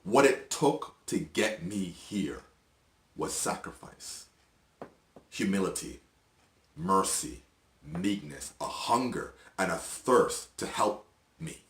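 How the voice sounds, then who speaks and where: A middle-aged man sharing his personal testimony in an earnest, halting, emotional way, with restarts and soft laughs. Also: low-pitched, lively intonation, echoey room. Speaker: video host.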